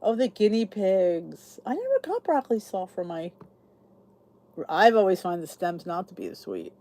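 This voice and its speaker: A chatty woman, the channel's host, talks casually to her viewers at a middle pitch. She rambles warmly through stories and reads out comments by name as she goes. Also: huge pitch swings, normal speed. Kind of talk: casual live chat with viewers.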